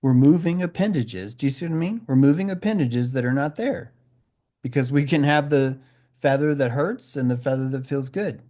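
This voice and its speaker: Profane, animated man in group talk. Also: medium pitch, normal speed. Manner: intense, profane, animated, acting out quoted voices. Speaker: discussion participant. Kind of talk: casual group discussion.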